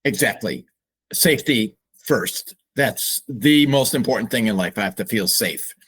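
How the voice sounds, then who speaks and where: Older man, slow and reflective. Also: on the low side, lively intonation, a bit bright, slightly rough. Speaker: psychologist guest. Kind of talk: podcast interview.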